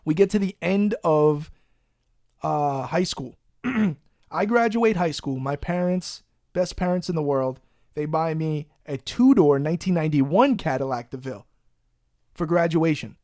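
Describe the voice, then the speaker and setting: New dude on a podcast, swearing a lot, kinda high voice, dry close sound. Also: male voice, measured pace, no echo. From Long Island, New York. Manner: profane, animated storyteller. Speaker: podcast host. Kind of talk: casual storytelling.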